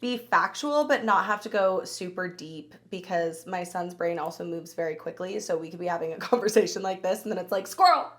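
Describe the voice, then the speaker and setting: A woman's voice: lowish voice, brisk, few pauses. Chatty woman telling wild stories. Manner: animated, chatty, laughs through her stories. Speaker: podcast host. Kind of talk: solo storytelling podcast.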